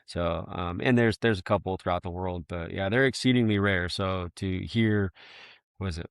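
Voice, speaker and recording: A man's voice: deep voice, moderate pace, smooth, no room sound, clean studio sound. A man talking as a podcast guest in a casual, rambling, self-deprecating way, laughing often. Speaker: guest, firefighter bagpiper.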